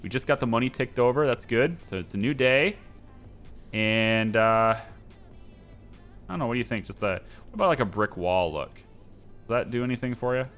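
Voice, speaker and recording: A man's voice: medium pitch, expressive, normal speed, pauses often, fairly bright tone, soft background music. A man giving casual gameplay commentary, rambling, indecisive and poking fun at himself as he decorates. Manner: rambling, indecisive, self-mocking. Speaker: gameplay streamer.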